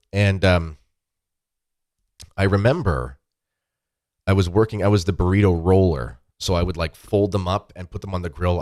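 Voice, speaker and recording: A man with a very deep voice hosts a casual talk show from his desk at home. He rambles through animated anecdotes, filling them with asides and "like." The sound is dry and close, with no room echo. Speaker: podcast host. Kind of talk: casual storytelling chat. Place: home desk with weightlifting equipment behind.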